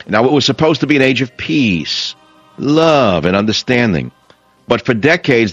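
Combative and emphatic, an older radio host repeats himself for effect during a monologue and call-in segment in the studio. His voice is mid-range and a bit bright, without echo, in a dry and somewhat dull studio sound.

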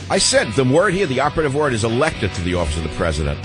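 Husky-voiced ranting male radio host. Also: mid-range voice, animated, rapid-fire, hardly any pauses, no echo, soft background music. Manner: combative, ranting, sarcastic. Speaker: radio talk show host. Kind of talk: political talk radio monologue.

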